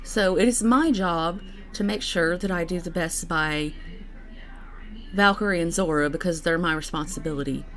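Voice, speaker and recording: A woman's voice: fairly low pitch, a bit bright, soft background music. Rambling young woman chatting to camera. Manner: rambling, halting, with many fillers and restarts. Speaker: vlogger. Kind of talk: casual personal chat to camera.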